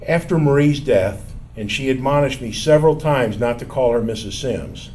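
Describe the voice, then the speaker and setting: Older man, storyteller, measured, wry, self-mocking, middle-pitched voice, faint background noise. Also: a little mellow. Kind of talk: personal memoir storytelling.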